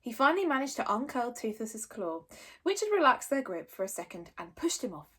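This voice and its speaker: A woman reads a children's chapter book aloud, friendly and expressive. Her voice is high and lively, with a breathy edge. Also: brisk. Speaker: storybook reader.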